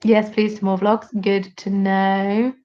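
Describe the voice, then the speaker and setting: A woman's voice: medium pitch, little pitch movement, takes it slowly, warm tone. Young British woman hosting a chatty live stream, self-mocking, slightly dull lo-fi sound. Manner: chatty and self-deprecating, reacting to viewer comments. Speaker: host of a live craft stream. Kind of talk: casual live-stream chat.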